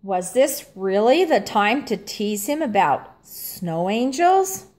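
A woman reading a children's storybook aloud in a gentle, clearly paced narration. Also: medium pitch, sing-song, takes it slowly. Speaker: storybook reader.

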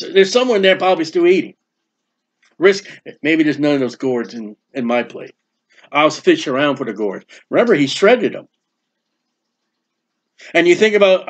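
A man's voice: high voice, fairly bright tone. A man preaching a sermon in a folksy storytelling way, acting out quotes from the stories he tells. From United States. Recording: dull lo-fi recording.

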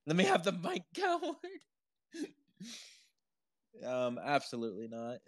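A man's voice: a little high, huge pitch swings, measured pace. A man chatting casually on a live audio stream, rambling with lots of "like" and "uh" and laughing often, through a headphone built-in mic. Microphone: headphone built-in microphone.

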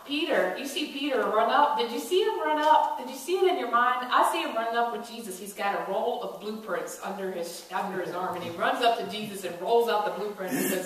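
In a church sanctuary, a woman pastor delivers a sermon, telling stories and acting out the quoted voices as she builds toward emphatic calls. Her voice is medium-pitched at a moderate pace, captured by a distant mic with echoey church sound.

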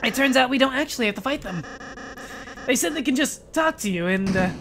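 Brief: man doing a high, nervous, stammering game prince, eager and timid. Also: lively intonation, a little fast, background noise. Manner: stammering, hesitant. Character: nervous boyish spade prince, eager to please.

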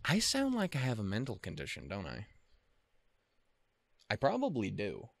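A man's voice: lowish voice, wildly swooping pitch, normal speed, creaky, no echo. A man hosting an anime reaction video, rambling casually in a profane, self-deprecating and easily flustered way.

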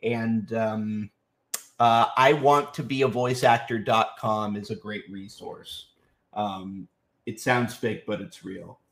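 A man's voice: fairly low pitch, steady tone, slow pace, a bit bright. A young adult man, a voice actor, chatting casually in a live Q&A while signing autographs. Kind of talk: casual live-stream Q&A chat. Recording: roomy echo.

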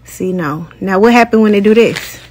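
A woman's voice: medium pitch, moderate pace, a little mellow. Frustrated young woman vlogging. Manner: frustrated, talking to viewers while working. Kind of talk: casual vlog commentary.

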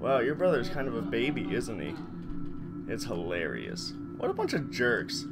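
A man's voice: medium pitch, huge pitch swings, normal speed, over loud music, voice pushed down. A man reading out a mocking teenage bully from a game scene in a taunting voice. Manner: taunting, sneering.

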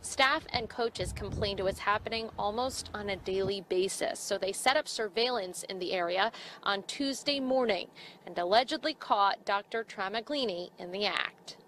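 A woman reporting a local news story in a measured, formal way. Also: mid-range voice, fairly bright tone, a little hiss or hum.

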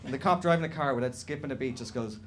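A man doing animated stand-up storytelling on a comedy club stage, slipping into other people's voices. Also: medium pitch, very fast. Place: comedy club stage before a live audience. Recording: live room with audience laughter.

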